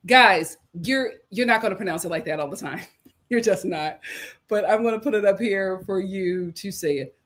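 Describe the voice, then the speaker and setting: A woman's voice: mid-range voice, moderate pace, fairly bright tone. An American woman chatting casually to her livestream viewers, upbeat and talkative with plenty of fillers and asides. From United States. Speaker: lifestyle streamer.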